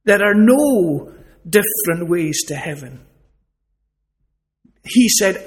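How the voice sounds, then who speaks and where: A man's voice: sits high, expressive, slow, long pauses. A man preaching a sermon, earnest and emphatic, asking rhetorical questions.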